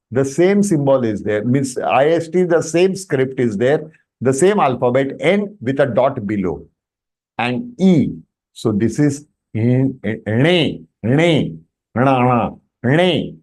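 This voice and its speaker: A man's voice: medium pitch, animated, darkish tone. A man with an Indian English accent leads an online language lesson in a mid-range voice. His speech moves in a lilting, sing-song way, and he stretches and repeats each syllable with patience. He keeps checking that his students are following him. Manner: patient, repeats pronunciations slowly, checks "Am I clear?". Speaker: Sanskrit teacher.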